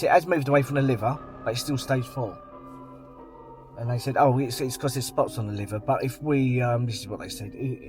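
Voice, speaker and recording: A man talks straight to camera in a casual vlog. He is blunt and plain-spoken, rambling from one point to the next. His voice sits at an ordinary pitch, with faint music in the background. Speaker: vlogger.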